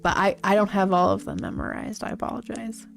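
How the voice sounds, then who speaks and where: A woman hosting a casual livestream, chatting to viewers in a rambling, halting way with many fillers and giggles. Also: medium pitch, big pitch swings, gravelly. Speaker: livestream host. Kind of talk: casual livestream chat, answering chat. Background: faint background music.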